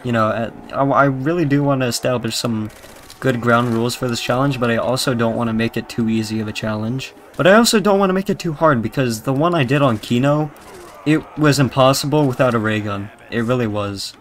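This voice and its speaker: Here a gaming YouTuber, a young man with a British accent, offers casual, crude and rambling jokes over a zombie game. He speaks fairly quickly in a mid-range voice, with a little hiss or hum on the audio.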